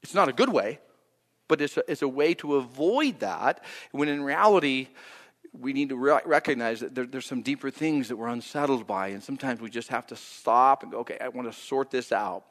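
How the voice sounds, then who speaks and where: A man preaching a sermon, animated, acting out the prayers he quotes with rising and falling pitch and loudness. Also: moderate pace, long reverb tail. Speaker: pastor.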